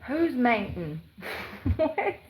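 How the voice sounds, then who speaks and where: A woman's voice: a little high, sing-song, drawn-out words, roomy sound, dull audio, very noisy. Rambling woman vlogging outdoors. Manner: rambling, sighing, laughing at herself. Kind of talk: casual livestream chat. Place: outdoors in the woods.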